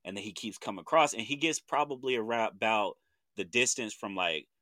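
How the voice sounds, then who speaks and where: Fields: Man, 30s, bright Oklahoma voice. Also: lowish voice, brisk, no room sound. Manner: animated storytelling with slang, acts out quoted voices. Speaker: podcast co-host. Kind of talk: casual chat.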